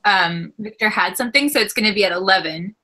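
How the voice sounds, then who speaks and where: A woman chatting quickly and casually on a video call, often giggling. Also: mid-range voice, bright, forceful tone. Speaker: guest who hosts her own show. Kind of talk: casual chat.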